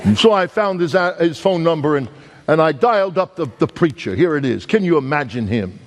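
A man's voice: fairly high pitch, animated, a little fast, a faint crowd. Man, evangelist, storytelling sermon, folksy, emphatic, repeats himself. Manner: folksy, emphatic, lots of restarts and repeated words. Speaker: evangelist preacher.

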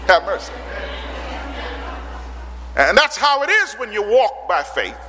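A man from the Caribbean islands preaching a sermon, dramatic, with rhetorical questions and sudden loud peaks. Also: high voice, very animated, slow pace. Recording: long hall reverb.

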